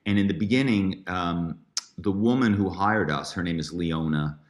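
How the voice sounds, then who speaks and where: Middle-aged male guest, deep voice, rambling chatty delivery. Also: normal speed. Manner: chatty, many fillers and restarts. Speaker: guest, author and former corporate spy. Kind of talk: storytelling interview.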